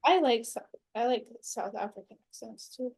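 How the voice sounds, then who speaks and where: A woman's voice: on the high side, normal speed, darkish tone, slightly rough, dry recording. A woman chatting casually on a live stream while painting, easygoing and using lots of "like". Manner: easygoing, frequent "like" fillers.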